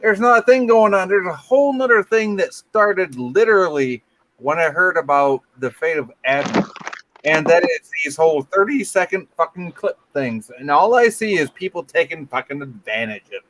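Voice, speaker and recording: A man talking bluntly and excitably in a casual podcast chat, swearing freely. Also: fairly high pitch, normal speed, slight background noise, rough recording.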